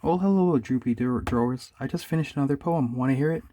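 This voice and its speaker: A man's voice: medium pitch, warm tone, a little hiss or hum, lightly acted. A man voicing a happy, pushy male bear poet in a bikini, speaking chirpily and wheedling. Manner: chirpy and wheedling, poems read slowly.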